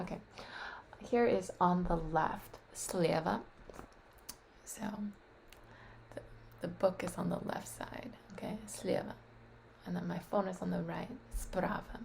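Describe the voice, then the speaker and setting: A woman on a webcam practicing vocabulary aloud, tentative and thinking out loud as she sounds out words. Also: on the low side, creaky, slight background noise. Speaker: language learner practicing vocabulary. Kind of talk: casual solo practice on webcam. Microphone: webcam microphone.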